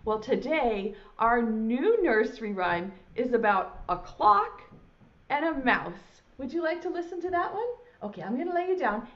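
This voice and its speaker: A woman preschool teacher talking to young children in a slow, sing-song, animated way. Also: high voice, muffled recording.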